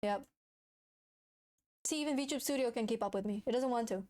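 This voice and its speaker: Her voice fairly high and dark-toned, a young woman streaming as a VTuber talks at normal speed. She chats casually with her audience in a frantic rush, often cursing and giggling.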